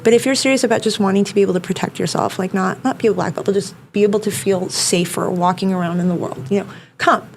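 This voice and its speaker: A woman's voice: mid-range voice, steady tone, fast, creaky, a little mellow, a little hiss or hum. A woman self-defense instructor talking casually as a podcast guest, filling her speech with "like" and "you know.". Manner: chatty, many fillers like "like" and "you know".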